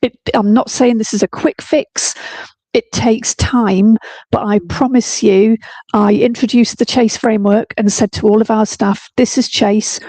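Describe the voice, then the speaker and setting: Headteacher lady on a video call, kinda high, dark husky voice, dry sound. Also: fairly even intonation, no echo. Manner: blunt, earnest, talks fast. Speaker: guest speaker, school head. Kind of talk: webinar talk. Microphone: computer mic on video call.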